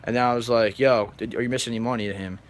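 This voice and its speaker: A man vlogging, telling a story to his viewers in a rambling, animated way and flatly mimicking other people. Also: mid-range voice, racing. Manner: animated, rambling, acts out others in flat mumbles. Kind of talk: casual storytelling to camera.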